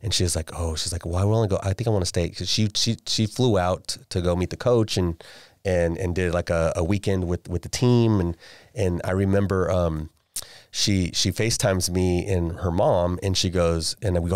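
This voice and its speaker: A deep-voiced man in his forties tells a family story as a podcast guest. He talks casually, restarts sentences and repeats words as he goes. The sound is dry and close, with no room echo. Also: moderate pace, a little mellow. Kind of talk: casual interview chat.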